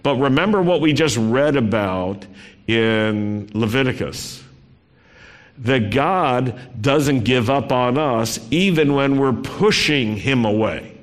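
A man's voice: medium pitch, animated, slow. A man preaching a sermon in a conversational style, reading scripture aloud with dramatic expression. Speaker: pastor. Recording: long reverb in a large hall.

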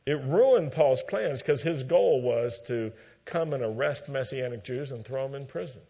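A man preaching a sermon, teaching in a measured way and acting out quoted lines with emphasis. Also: medium pitch, expressive, warm tone, breathy edge, muffled recording.

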